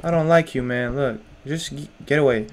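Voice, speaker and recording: A man's voice: medium pitch, normal speed, a little hiss or hum. A young man playing a horror game, jumpy and nervous, talking to himself in casual slang. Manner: casual slang, lots of "bro". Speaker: gamer. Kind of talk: horror game let's play.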